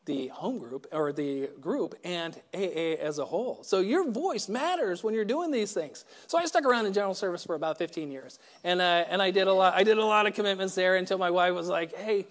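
A man's voice: high voice, lively intonation, a little fast, few pauses. A middle-aged man giving a personal recovery talk, wry and self-deprecating, often stammering and restarting his sentences. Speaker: recovery meeting speaker.

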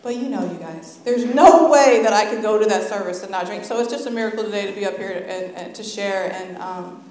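A woman's voice: medium pitch, a little mellow, a little hiss or hum. An American woman from Napa, California, speaking to an audience at a recovery meeting, nervous, candid and heartfelt, into a stand microphone. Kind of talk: personal testimony to an audience. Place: meeting hall, indoors. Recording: echoey hall reverb.

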